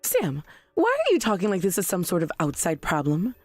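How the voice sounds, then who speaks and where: Woman as an outraged mother, defensive, lively pitch, dry close voice. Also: brisk, no room sound, soft background music. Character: indignant middle-aged mother, proud and self-righteous. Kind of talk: text-message story voice reading.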